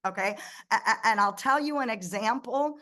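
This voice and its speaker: A middle-aged woman, a ministry founder raised in the United States, telling stories as an interview guest in a lively way, often restarting her sentences. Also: a little high, moderate pace. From Egypt, raised in the United States. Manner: animated storyteller, frequent restarts and quoted dialogue. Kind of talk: conversational interview.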